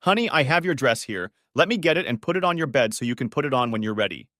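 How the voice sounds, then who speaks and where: Guy voicing a coaxing mom, sugary and lively, fussy. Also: medium pitch, fast talker, no echo, studio quality. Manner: sweet, coaxing, raised voice. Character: doting middle-aged mother, fussy.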